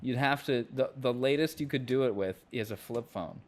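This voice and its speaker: Man, podcast co-host, mid-range voice, short interjections, easygoing studio plug. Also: normal speed. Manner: short interjections, easy promotional pitch. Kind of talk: casual chat. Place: podcast studio set in a recording studio.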